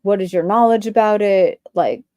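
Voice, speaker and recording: A woman's voice: medium pitch, moderate pace, warm tone, no room sound, clean studio sound. A woman hosting a livestream, ranting in a rambling stream-of-consciousness way with many filler words. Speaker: livestream host.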